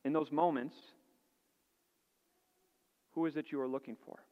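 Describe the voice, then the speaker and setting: A man's voice: fairly high pitch, steady tone, moderate pace, narrow, tinny audio. Earnest male pastor preaching in a hall. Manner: earnest, building emphasis, rhetorical questions. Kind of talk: sermon.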